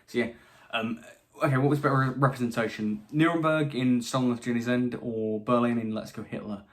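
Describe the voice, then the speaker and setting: A man's voice: medium pitch, fairly even intonation, fairly quick. Chatty young British man. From Britain. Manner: chatty, stumbling restarts, dry asides. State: voice slightly tired late at night. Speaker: channel host answering viewer questions. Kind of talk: casual Q&A monologue.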